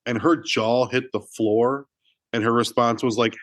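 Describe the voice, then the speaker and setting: A man's voice: mid-range voice, steady tone, unhurried, fairly bright tone, no room sound. A man co-hosting a film podcast, telling stories in a loose, rambling way, full of "like" and restarts. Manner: chatty storyteller, many "like"s and restarts. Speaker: podcast co-host. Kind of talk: casual film discussion.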